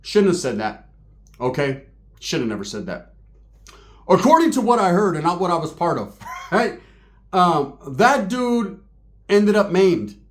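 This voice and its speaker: Man, slightly high voice, casual storyteller, profane street slang, keeps asking "right?". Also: very animated, a little slow, pauses often. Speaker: storyteller recalling prison and gang life. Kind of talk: casual anecdote-telling.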